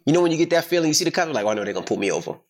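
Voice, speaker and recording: A man's voice: on the high side, very fast. Blunt, profane middle-aged man telling a story. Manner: emphatic, profane, animated retelling. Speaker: podcast host. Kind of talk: casual storytelling chat.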